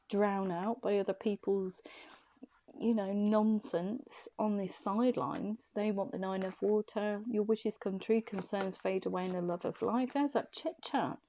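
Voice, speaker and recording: A woman with a warm, mellow voice reads tarot cards for the viewer. She interprets each card loosely, thinking aloud as she goes, at a middling pitch for a woman. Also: a little hiss or hum. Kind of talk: intuitive tarot reading, addressing the viewer.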